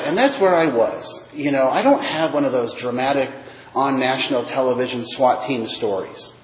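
A man's voice: medium pitch, normal speed. A man telling his recovery story at a meeting, self-mocking, acting out the other voices in his tale. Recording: echoey hall.

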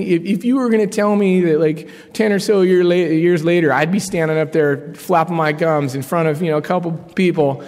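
A man in his thirties from Colorado sharing his personal story from a podium, casual and animated with slang. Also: a little high. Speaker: speaker sharing his story at a recovery meeting. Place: large conference hall. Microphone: podium mic. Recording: long hall reverb.

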